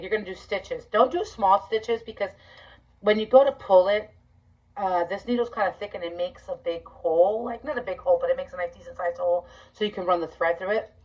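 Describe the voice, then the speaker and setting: A woman's voice: lowish voice, muffled recording. A woman hosting a casual craft tutorial, chatty and full of ums and likes as she walks through each step.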